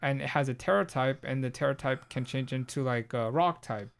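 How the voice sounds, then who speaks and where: A man talks on a podcast in a loose, meandering way, full of fillers and restarts. His voice is smooth and clear. His pitch sits mid-range. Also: a little fast. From Southern California. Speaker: podcast co-host. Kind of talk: casual chat.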